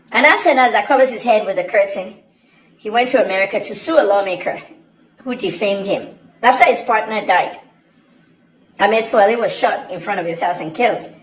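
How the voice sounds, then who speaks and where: A woman giving opinionated, indignant commentary straight to camera in a chatty way. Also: a little high. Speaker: journalist and commentator. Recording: echoey room with faint ambience.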